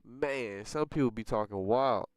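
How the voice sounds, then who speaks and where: A young man from the United States talks loosely with his livestream chat, slangy and quick to laugh. His voice is smooth and clean, at a middling pitch, and it sits close and dry with no room sound. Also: no echo. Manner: laid-back, laughs often, slangy. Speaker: livestream host reading chat.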